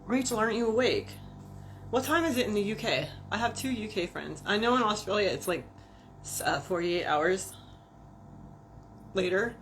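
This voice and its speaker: A woman's voice: medium pitch, expressive, normal speed, long pauses, a bit bright, slight background noise. A woman vlogger chatting casually and profanely on a livestream, rambling and talking to viewers like friends.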